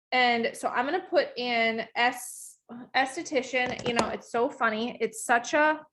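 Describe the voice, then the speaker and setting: A woman's voice: a little high, bright, forceful tone. A woman leading a live online sales training for her team, talking energetically with lots of fillers and restarts. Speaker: network marketing trainer.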